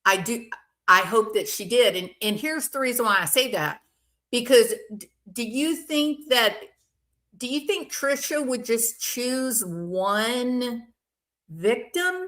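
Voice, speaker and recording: A woman's voice: fairly high pitch, takes it slowly, fairly bright tone. An older woman hosting a casual commentary, giving her opinion in a plain-spoken, emphatic way. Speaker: commentary channel host.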